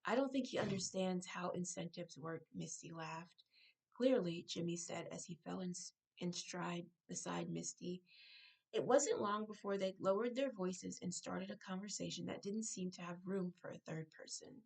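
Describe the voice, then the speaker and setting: Husky, gravelly woman reading her book. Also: lowish voice, steady tone, normal speed, darkish tone, rough recording. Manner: breaks off to correct herself and make asides. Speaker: author. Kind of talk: reading her own novel aloud.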